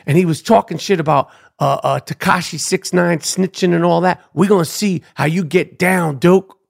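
A man's voice: high-pitched, normal speed, vocal fry. A middle-aged man, hosting his own podcast in a brash, profane, trash-talking rant. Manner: loud, brash, trash-talking, repeats "Duke". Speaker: podcast host. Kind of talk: profane ranting monologue.

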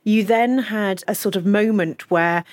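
A woman's voice: mid-range voice, a little slow, no room sound. A woman hosting an interview, asking curious, prompting questions. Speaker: podcast host, interviewer.

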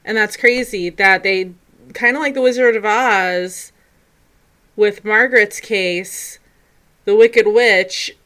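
A woman hosting a video, narrating film trivia in a chatty, expressive way with loud bursts for emphasis. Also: medium pitch, slow pace. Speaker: video host.

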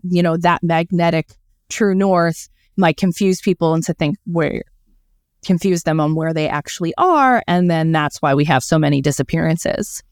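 Smooth-voiced woman telling a podcast mystery. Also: low voice, no room sound, clean studio sound. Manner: chatty, many fillers and self-corrections. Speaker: podcast co-host. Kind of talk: casual podcast storytelling.

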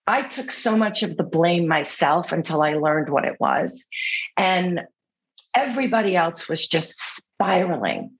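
A woman's voice: lowish voice, husky, poor audio. A woman speaking as an interview guest, earnest and reflective, now and then acting out what others said. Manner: earnest, reflective, acts out quotes. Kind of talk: candid interview conversation.

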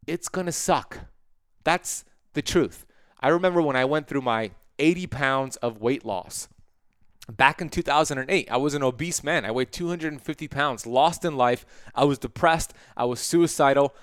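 A man in his thirties hosts a motivational podcast, speaking with energy and emphasis. His voice is smooth and resonant at a middle pitch. The sound is close and dry. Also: dry recording. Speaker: podcast host.

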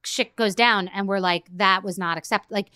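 Bright, clear-voiced woman telling a story. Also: medium pitch, steady tone, normal speed, dry recording, studio quality. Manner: rambling storyteller, acts out quotes. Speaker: podcast host. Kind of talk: casual chat.

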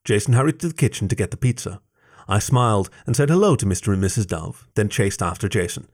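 A man reading a first-person story aloud with expressive narration. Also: on the low side, quick pace.

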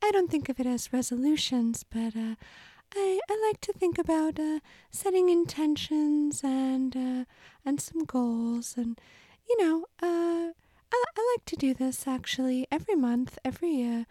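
A woman's voice: high-pitched, expressive, measured pace, dark tone, dry recording, voice pushed up. A woman voicing a sweet, earnest female mouse in a comic audio skit, talking in a hesitant way with many ums and restarts.

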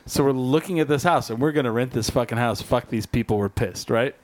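A man telling a story in casual chat, animated and swearing freely. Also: mid-range voice, brisk.

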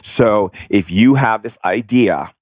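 A man's voice: lowish voice, slow, no room sound. A man giving a rambling, effusive spiritual monologue to his followers. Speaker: spiritual teacher.

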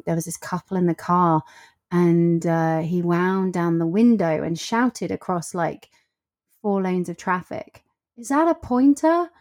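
Guest, female, lowish pitch, animated anecdotes acted out with voices. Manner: animated storyteller, acts out quotes. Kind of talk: casual conversation.

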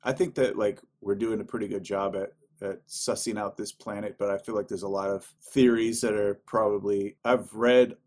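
A man's voice: lowish voice, fairly even intonation, normal speed, few pauses, darkish tone. A man co-hosting a podcast, musing in an easygoing way with dry humor. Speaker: podcast co-host. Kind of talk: casual chat.

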